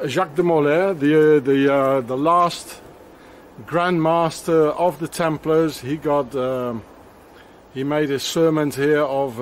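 A man's voice: mid-range voice, slight background noise. A man rambling on a walk-and-talk travel vlog outdoors in a town, with many fillers and restarts. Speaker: travel vlogger.

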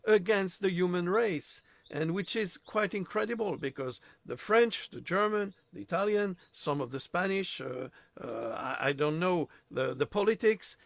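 A man's voice: high-pitched, animated, unhurried, creaky, hardly any pauses, no room sound. A man speaking as a panelist, repeating himself and searching for words. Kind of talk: discussion monologue.

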